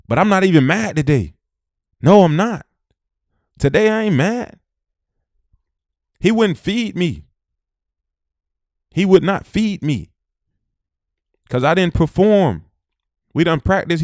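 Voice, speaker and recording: Here the motivational speaker's voice is a bit high with a darkish tone, captured dry and clean in a studio. Preachy and Southern, he keeps repeating short phrases to emphasize his points.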